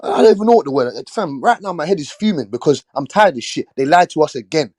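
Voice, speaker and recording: A man's voice: fairly high pitch, expressive, fast, darkish tone, no echo. A man hosting a boxing talk show, ranting in a heated, swearing, repetitive way. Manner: fired-up, swearing, repeating himself. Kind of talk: heated casual rant.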